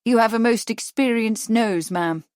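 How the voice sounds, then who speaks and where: A woman voicing a polite, inquisitive gentleman investigator in an audiobook, speaking in a courteous, measured way. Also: high-pitched, smooth, dry recording, clean studio sound.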